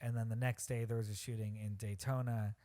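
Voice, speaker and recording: A man's voice: lowish voice, flat delivery, a little fast, dark tone. A man co-hosting a podcast, talking earnestly in a rambling casual way with restarts. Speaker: podcast co-host.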